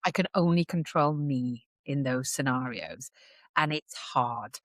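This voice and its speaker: A woman's voice: a bass voice, a little slow, no room sound, studio quality. A woman, a podcast guest chatting casually and animatedly, often acting out what others say. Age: 40s. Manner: animated storyteller who acts out others' voices. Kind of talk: casual chat.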